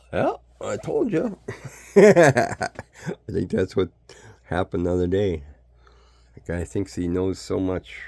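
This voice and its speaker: This is an older man from Canada rambling through a blunt, folksy monologue, wandering from one subject to another. His voice sits very low with a gravelly edge, and it sounds close and dry, with almost no room around it. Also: a little mellow, no echo. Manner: blunt, folksy, jumps between topics.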